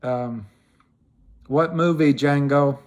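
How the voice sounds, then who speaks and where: Talking slowly in a mid-range, darkish voice, a livestream host rambles casually, often restarting and letting thoughts trail away. He answers viewers and greets them by name.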